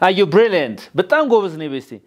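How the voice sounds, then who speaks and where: This teacher, an Amharic-speaking man with an Ethiopian accent, leads a call-and-response English class, urging students to say words after him. He races along in a high-pitched voice full of big pitch swings.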